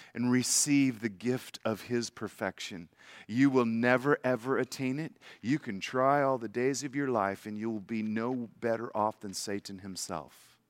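An older man preaching a sermon as a guest preacher, with emphatic rises to loud lines and soft drops at the ends of phrases. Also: lowish voice, dry recording.

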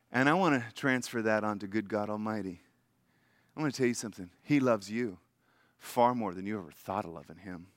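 An older man preaching a sermon as a guest preacher, with emphatic rises to loud lines and soft drops at the ends of phrases. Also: medium pitch, no echo, studio quality.

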